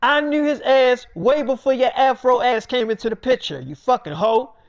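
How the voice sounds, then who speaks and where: A man's voice: very high voice, moderate pace, no room sound, pitched above the performer's own voice. A man voicing a furious young male rapper who rants with constant profanity during a live stream. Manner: profane shouting rant.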